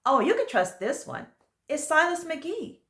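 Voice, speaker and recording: A woman reading a brisk, upbeat friend. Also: high-pitched, big pitch swings, gravelly, a bit bright, reverberant, voice pushed up, full character voice.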